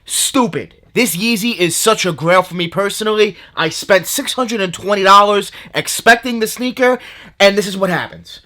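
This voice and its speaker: Young male vlogger, bright slightly high voice, angry repetitive rant. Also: moderate pace. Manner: angry ranting, repeating himself. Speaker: sneaker vlogger. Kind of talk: casual vlog to camera.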